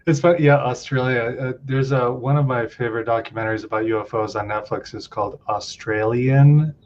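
A man co-hosting a casual livestream chat in a relaxed, easygoing way. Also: brisk. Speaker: livestream co-host. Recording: dull lo-fi audio with faint rumble.

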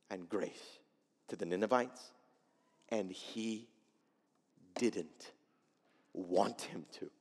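High-voiced preacher in a reverberant hall. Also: male voice. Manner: expressive, swings between loud emphasis and quiet asides. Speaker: pastor. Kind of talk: sermon. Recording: long reverb of a large hall.

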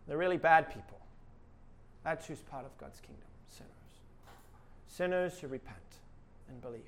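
A man's voice: high-pitched, lively intonation, moderate pace. A male pastor preaching a sermon with emphatic delivery and rhetorical questions.

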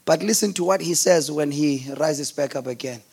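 A man preaching a sermon in an impassioned, sing-song cadence, swinging between shouts and hushed tones. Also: a little high, moderate pace, gravelly, breathy edge.

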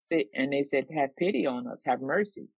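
A minister teaching on prayer, animated and acting out sample prayers with emphasis. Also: medium pitch, moderate pace, slightly rough, dry recording, dull audio. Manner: animated, specific, acts out prayers. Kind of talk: Bible teaching sermon.

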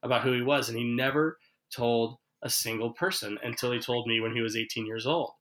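This podcast host is a man with a medium-pitched, fairly bright voice who speaks a little fast, and the audio quality is poor. In a casual conversational interview, he comes across as earnest and reflective, retelling stories complete with quoted dialogue.

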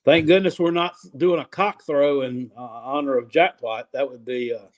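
A man co-hosting a casual sports chat, talking in a halting, hesitant way with sarcastic jabs. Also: mid-range voice.

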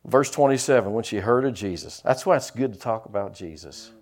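A middle-aged man preaching a sermon, lively with teasing humor and asides. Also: fairly low pitch, fairly quick. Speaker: pastor.

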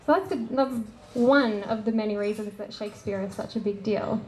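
A woman giving a lively, casual public talk on literature, acting out scenes as she goes. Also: medium pitch, fairly quick, a little hiss or hum, low-quality recording. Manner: animated, casual, acts out quoted scenes. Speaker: lecturer.

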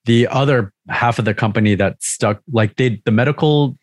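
A man's voice: mid-range voice, normal speed, no echo. Man with neutral East Coast speech, dry sound. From Maryland. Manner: laughs often, repeats starts. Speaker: podcast co-host. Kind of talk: casual chat.

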